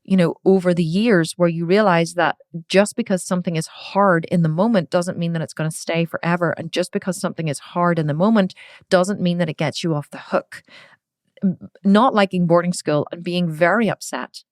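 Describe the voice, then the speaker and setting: Middle-aged woman podcast host, lowish voice, earnest and emotional, dry close sound. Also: steady tone, normal speed, dry recording. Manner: emotional, earnest, repeats herself for emphasis. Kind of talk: personal reflective monologue.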